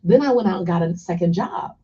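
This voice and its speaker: Mellow-voiced woman telling a motivational story. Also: fairly low pitch, expressive, quick pace, husky. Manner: emphatic, repeats phrases for effect. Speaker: guest speaker. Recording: slightly muffled radio broadcast.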